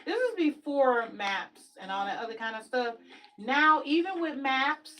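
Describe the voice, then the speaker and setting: A woman's voice: high voice, animated, unhurried, a bit bright, low-quality recording. A woman guest in a casual chat, telling homey stories in a chatty way. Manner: chatty and storytelling, homey expressions.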